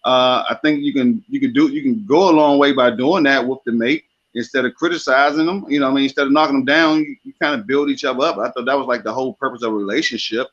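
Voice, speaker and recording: A man's voice: medium pitch, fast talker, few pauses, a bit bright. Male call-in guest, laid-back and hesitant, dull remote-line sound. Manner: easygoing, hesitant with fillers. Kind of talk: casual advice chat.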